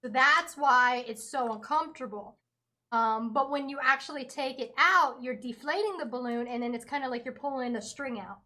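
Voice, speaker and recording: Woman, high voice, casual chat, patient medical explanations. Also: moderate pace, sharp tone. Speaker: guest explaining hospital procedures.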